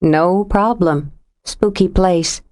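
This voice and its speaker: A woman's voice: fairly low pitch, slow, a little mellow. A woman voicing a wry, reassuring young woman friend in an audiobook reading. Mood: joking. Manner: reassuring, lightly joking.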